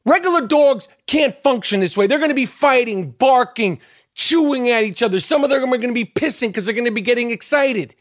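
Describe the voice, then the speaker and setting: A man's voice: very high-pitched, animated, fairly quick, no echo, clean studio sound. A middle-aged man hosting his own podcast, ranting in a heated, profane, rambling way with lots of stammered restarts. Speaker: podcast host. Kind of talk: ranting monologue.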